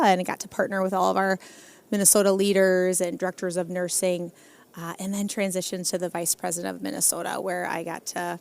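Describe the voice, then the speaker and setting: A woman in her forties, a senior care executive, speaking in a casual interview in a measured, steady way. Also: medium pitch, vocal fry.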